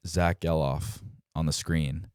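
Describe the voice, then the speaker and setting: The voice is rumbling low, smooth, and unhurried, belonging to a young pro baseball player in his twenties guesting on a podcast. He tells stories casually and animatedly, acting out quoted dialogue with frequent "like"s, in a dry, studio-quality recording.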